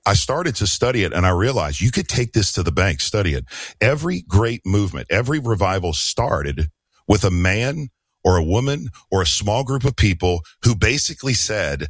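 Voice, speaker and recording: Man, very low voice, earnest preaching tone, dry close sound. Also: big pitch swings, normal speed, no room sound. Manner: earnest, repeats words when building a point. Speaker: guest pastor. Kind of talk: radio interview, preaching tone.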